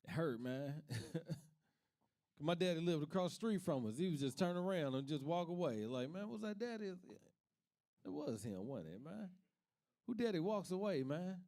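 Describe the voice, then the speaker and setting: A man's voice: on the high side, expressive, a little slow, dark tone. Man from Kentucky telling stand-up stories. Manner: laid-back storytelling, laughs at his own jokes. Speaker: stand-up comic. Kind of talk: stand-up comedy.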